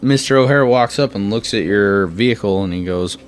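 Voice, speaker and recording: Laid-back game master narrating. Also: male voice, on the low side, brisk, hardly any pauses, soft background music. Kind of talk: narrating a tabletop role-playing game.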